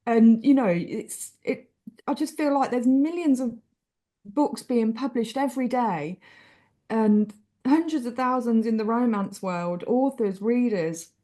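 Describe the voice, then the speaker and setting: An English woman telling stories as a guest author in a casual interview, chatty and expressive. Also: fairly high pitch, measured pace. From England. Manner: chatty and expressive, many restarts.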